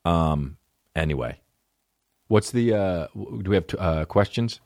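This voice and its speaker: A man hosting a solo podcast, ranting in a rambling, profane way with big swings in pitch. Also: animated, measured pace, gravelly, pauses often, darkish tone, no echo, studio quality. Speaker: podcast host.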